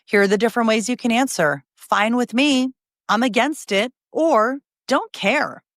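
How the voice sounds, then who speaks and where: A woman hosting a news podcast, reading headlines briskly and adding chatty asides between stories. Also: a little high, no echo, clean studio sound.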